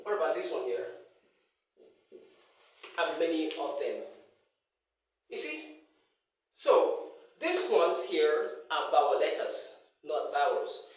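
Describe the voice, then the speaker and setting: A man's voice: a little high, very animated, slow pace, pauses often, a little hiss or hum. A man teaching English pronunciation in a classroom lecture, repeating words over and over for emphasis. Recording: echoey room, mic far off.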